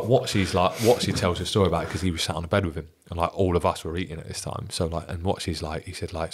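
A man in his thirties with a very low, husky voice tells a locker-room story as a podcast guest. He talks quickly and swears freely, building the anecdote with energy. His delivery stays casual and conversational throughout. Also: a bit bright. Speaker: podcast guest, former footballer.

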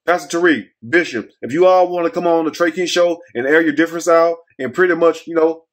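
A man hosting a commentary vlog, talking in a folksy, scolding, preachy way. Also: a little high. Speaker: host.

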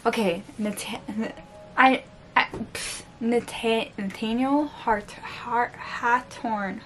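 Speaking extremely slowly, this woman has a fairly high, fairly bright voice with fairly even intonation and a slight hiss or hum. She's a sleep-deprived French-accented book vlogger unboxing books at home among books on the floor, stumbling over words and poking fun at herself.

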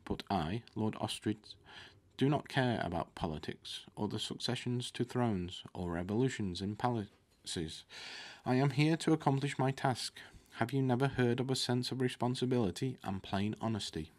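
A man reading the lines of a calm, terse male monster hunter in a storybook, speaking slowly and deliberately. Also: mid-range voice, lightly acted. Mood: cool. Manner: slow, deliberate, clipped.

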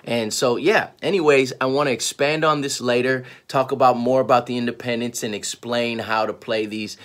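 Relaxed man explaining shaker grooves. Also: medium pitch, normal speed. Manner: relaxed, rambling explanations with restarts. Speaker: music teacher. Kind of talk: casual instructional talk.

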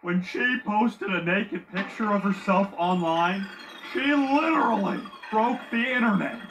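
A comedic joke teller with a punchy delivery who shouts each setup line before the punchline. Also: medium pitch, unhurried, noisy background.

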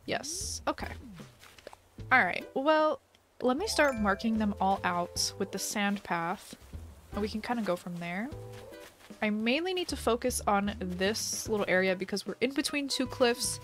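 A woman's voice: medium pitch, animated, measured pace, fairly bright tone, soft background music. A young woman hosting a casual live stream while playing a game, giggly and chatty, reading chat aloud. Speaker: livestream host.

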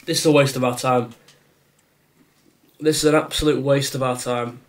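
This gaming YouTuber, a young man, speaks at a moderate pace in a mid-range voice with fairly even intonation. Commentating his own football game live, he grows exasperated and sarcastic, ranting at the match.

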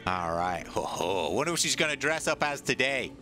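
A male streamer giving casual, joking gameplay commentary, excitable and dropping into goofy low voices now and then. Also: moderate pace, faint music behind.

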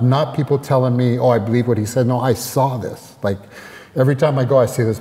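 American man, interview guest, mellow low voice, halting earnest talk, reverberant room. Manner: earnest, halting, with many restarts.

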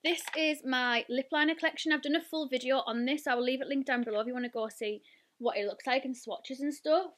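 British woman, twenties, high-pitched, excitable and chatty; casual beauty-vlogger delivery. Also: fast, slight background noise. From United Kingdom. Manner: gushing, chatty, lots of "like" and "oh my god". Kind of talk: excited unboxing and swatching.

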